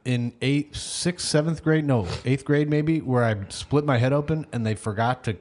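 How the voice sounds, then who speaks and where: A man's voice: medium pitch, a little mellow. A man on a casual podcast, telling a story in stops and starts and correcting himself as he goes. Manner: halting, self-correcting storytelling. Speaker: podcast co-host. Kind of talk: casual chat.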